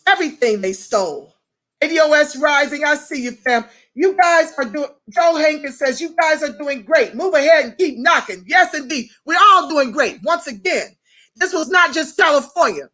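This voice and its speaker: Animated woman livestreamer, high bright voice. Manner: animated, effusive, shouts out viewers by name. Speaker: livestream host reading viewer comments. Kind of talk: casual livestream chat.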